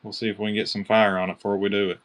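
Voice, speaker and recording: Kentucky man, low-pitched, excitable live auction seller who keeps naming his bidders. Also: racing. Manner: chatty, excited, calls out bidders by name. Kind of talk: live-stream auction selling.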